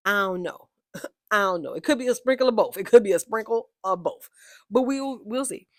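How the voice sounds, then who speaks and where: A woman giving a casual, opinionated recap of a reality TV show, with chatty, animated asides. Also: on the high side, a little fast, no room sound, studio quality.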